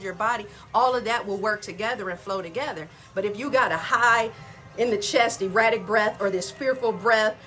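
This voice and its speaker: Bright-voiced woman, chatty and folksy. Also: a little high. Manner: chatty, addresses listeners as y'all. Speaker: wellness podcast host. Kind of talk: casual motivational talk.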